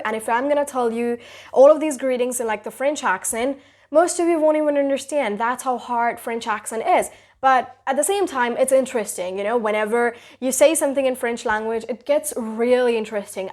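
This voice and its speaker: A woman's voice: fairly high pitch, moderate pace, a little mellow. Chatty young woman teaching basics. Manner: chatty, loose, with many fillers like "you know" and "like". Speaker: YouTube creator teaching basic French. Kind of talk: casual video lesson.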